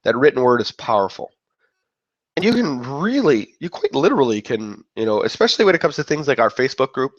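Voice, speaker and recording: Rambling man with a lively voice. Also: mid-range voice, a little fast, dry recording. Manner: rambling, self-interrupting, acts out quoted reactions. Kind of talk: casual motivational monologue. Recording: dull lo-fi dry sound.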